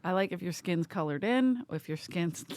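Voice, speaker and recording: A woman's voice: on the low side, expressive, normal speed, a little mellow, dry recording. A woman guest on a podcast, blunt and joking in casual banter. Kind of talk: casual chat.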